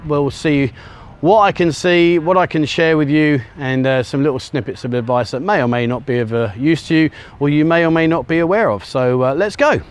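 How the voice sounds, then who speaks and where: A man with a slightly raised pitch chats his way along an outdoor beach, holding the camera himself. His talk wanders, packed with ums and uhs, and he is a little short of breath from walking on the sand. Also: a little fast, hardly any pauses, clean tone. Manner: rambling, chatty, many ums and uhs. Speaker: travel vlogger. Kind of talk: casual walking vlog to camera. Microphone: handheld camera he turns around.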